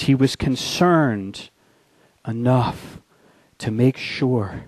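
A man preaching a sermon, reading scripture and telling a war story, swinging from hushed and slow to loud and urgent. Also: medium pitch, no echo. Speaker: pastor.

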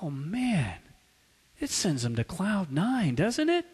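A man preaching a sermon, swinging from loud, urgent passages to hushed, quiet asides. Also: high-pitched, huge pitch swings, takes it slowly, breathy edge, in a large hall. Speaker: pastor.

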